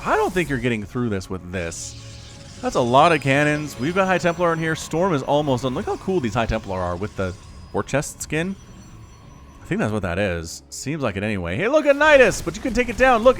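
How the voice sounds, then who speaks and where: A man casting a strategy game solo, chatty and excitable, with sudden high-pitched exclamations. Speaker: esports caster. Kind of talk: solo play-by-play game commentary. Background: faint background music.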